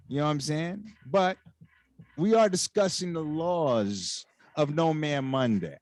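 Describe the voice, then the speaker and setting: Lively high-voiced man hosting a chat. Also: measured pace, dry recording. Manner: animated, repeats catchphrases. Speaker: podcast host. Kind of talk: casual chat.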